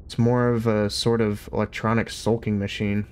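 A man's voice: on the low side, little pitch movement, moderate pace, clear, resonant tone, lightly acted. A man voicing a flustered, awkward young human man who hesitates and apologizes.

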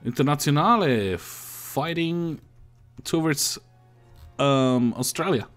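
A man's voice: on the high side, takes it slowly, soft background music. A man with a Russian accent chatting casually while playing a strategy game with a friend, thinking aloud as he goes. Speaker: gamer. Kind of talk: casual gaming chat.

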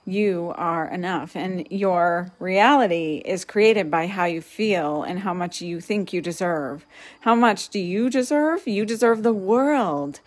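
A woman hosting a casual live-streamed spiritual session, speaking gently and soothingly and laughing often. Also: on the low side, slow pace. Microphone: webcam or phone for a live stream.

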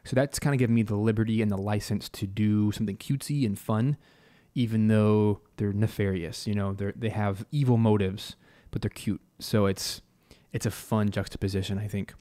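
A man's voice: fairly low pitch, fairly even intonation, moderate pace, few pauses, dark tone. A man hosting a live stream, casually talking through his composing ideas and humming bits of melody as he goes. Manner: thinks aloud, hums and scats melody ideas.

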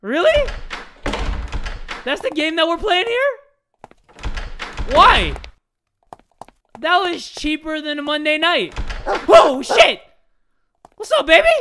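Excitable high-voiced man gaming. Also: a little hiss or hum. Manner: excitable, crude jokes, sudden yelling. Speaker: gaming YouTuber. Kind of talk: let's play commentary.

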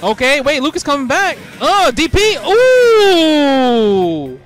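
A man commentating players in excited casual talk, full of slangy hype reactions and sudden shouts. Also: extremely high pitch, slow, over music. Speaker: host commentating pro players.

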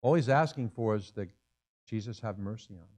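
A man's voice: lowish voice, brisk, a little mellow. A male pastor preaching a sermon in a conversational way, asking the congregation rhetorical questions. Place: church sanctuary.

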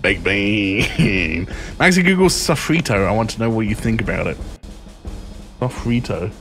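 A man's voice: lowish voice, expressive, unhurried, faint music behind. A young man streaming live, reading items aloud and reacting with crude, joking remarks. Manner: crude, joking, reacts loudly to each item.

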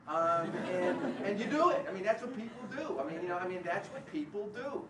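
A man giving a public university lecture, animated and sarcastic, often acting out the voices of the people he quotes. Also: sits high, fairly quick, hardly any pauses, far from the mic, background noise. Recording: roomy hall picked up from afar.

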